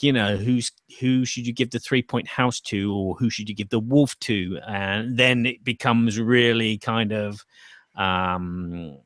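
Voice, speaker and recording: A man's voice: medium pitch, a bit bright, dry recording, studio quality. A man hosting a casual chat about board games, thinking aloud with fillers and restarts. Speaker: podcast host.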